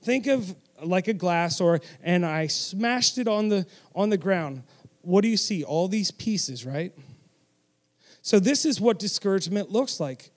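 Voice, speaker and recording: High-voiced emphatic male preacher. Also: lively intonation, measured pace. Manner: emphatic, with audience call-and-response and self-deprecating asides. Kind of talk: sermon.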